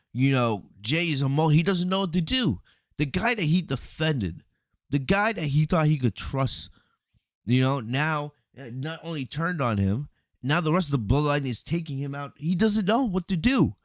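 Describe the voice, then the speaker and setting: A man hosting a podcast, recapping a wrestling event in a casual, animated storytelling way, often asking "right?" and acting out lines. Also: a little high, no room sound, studio quality. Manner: animated storytelling, acts out quotes, frequent "right?" and "you know". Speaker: podcast host reviewing wrestling. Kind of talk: casual solo review commentary.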